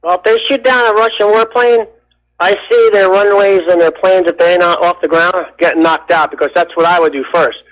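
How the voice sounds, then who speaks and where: A man from New Jersey calling into a radio show, rambling and halting with fillers. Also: high-pitched, fairly even intonation, fairly bright tone. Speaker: caller. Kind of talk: call-in radio conversation. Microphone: telephone. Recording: tinny phone line.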